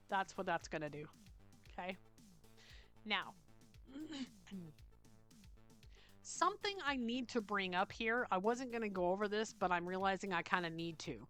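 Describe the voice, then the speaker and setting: A woman with a Canadian accent hosting a screen-recorded software tutorial, chatty and checking in often with "okay?". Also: medium pitch, expressive, a little slow, long pauses, soft background music. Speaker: tutorial host.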